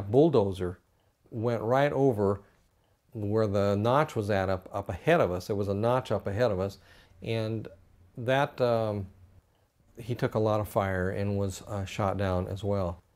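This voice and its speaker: An older man, a war veteran, recounting combat memories haltingly in a documentary interview. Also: on the low side, a little mellow. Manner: halting, many fillers.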